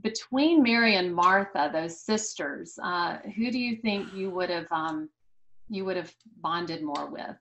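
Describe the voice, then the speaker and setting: A woman's voice: on the low side, a little slow. Affirming woman interview host. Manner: warm affirmations, frequent "yeah". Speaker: podcast host. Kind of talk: interviewing a guest.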